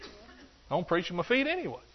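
A man preaching a sermon, animated and joking, acting out excuses in a higher voice. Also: moderate pace. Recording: dull lo-fi sound.

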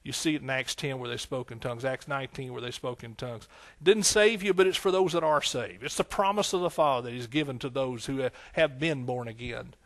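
A middle-aged man, a pastor, giving an emotional sermon testimony that swings between hushed, tearful moments and loud exclamations. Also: medium pitch, a little fast, few pauses.

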